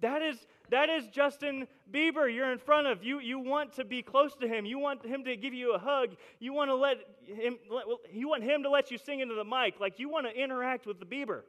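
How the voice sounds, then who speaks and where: A young adult man preaching a sermon to a congregation, emphatic, often repeating words as he builds from quiet, intimate stretches to loud, forceful ones. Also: very high voice, fairly quick, few pauses. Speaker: pastor.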